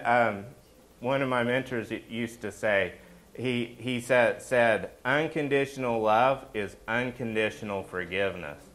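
A male pastor delivering a loose, conversational sermon, his voice at an ordinary middle pitch. He is animated, throws questions at the congregation and tags his points with quick check-ins. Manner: animated, asks the congregation questions, often adds "right?".

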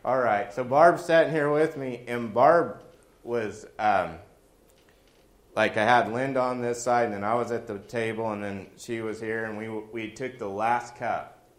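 A man, a pastor, preaching in a storytelling way with animated delivery and jokey asides. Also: medium pitch, measured pace, echoey room. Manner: animated, jokey asides, acts out quoted voices. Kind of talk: storytelling sermon.

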